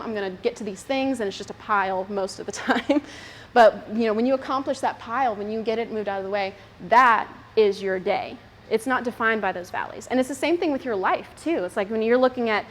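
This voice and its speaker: A woman's voice: medium pitch, a little hiss or hum. A young woman giving a casual, chatty talk to a mothers' group, laughing often and using many fillers.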